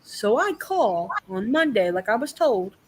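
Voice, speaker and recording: A woman's voice: on the high side, unhurried, breathy edge, poor audio. A young woman telling a story in a casual live chat, swearing freely and acting out the people she quotes. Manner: profane, animated storytelling.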